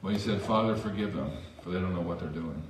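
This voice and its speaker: A man's voice: low voice, fast talker, recorded from a distance, a little hiss or hum. A man preaching a sermon as pastor in a church, conversational with self-deprecating asides. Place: church sanctuary. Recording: echoey church hall from afar.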